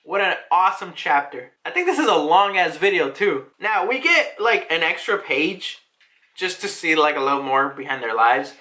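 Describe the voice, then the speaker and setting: An excitable woman talking through a comic chapter in a loose, casual recap, cursing freely as she goes. Her voice is bright and lively, bouncing around a lot in pitch. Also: normal speed, roomy sound. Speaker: manga reviewer.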